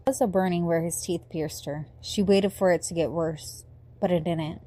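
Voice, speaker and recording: A woman reading a novel aloud as an amateur audiobook narrator, recorded on a phone, with steady, even storytelling. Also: lowish voice, normal speed.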